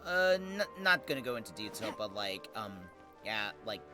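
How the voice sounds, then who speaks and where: A man's voice: fairly low pitch, sing-song, moderate pace, music in the background. A man streaming a game, talking casually in a rambling, hesitant way with lots of fillers; he is tired and slurs slightly from a sore tongue. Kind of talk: casual livestream commentary.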